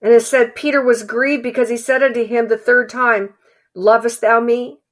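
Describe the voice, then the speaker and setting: A woman preaching a sermon in an earnest, halting way, repeating phrases for emphasis. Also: fairly high pitch, fairly even intonation.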